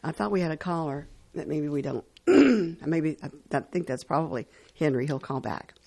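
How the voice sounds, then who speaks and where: A woman's voice: sits low, animated, moderate pace, vocal fry, warm tone, husky. A woman hosting a radio call-in show, reading this-day-in-history items aloud with small stumbles and chatty asides. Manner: reads items aloud with stumbles on names and side comments. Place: radio studio.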